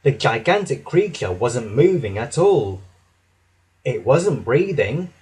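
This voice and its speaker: A man narrating a children's storybook with an expressive, dramatic reading. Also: medium pitch, takes it slowly, husky.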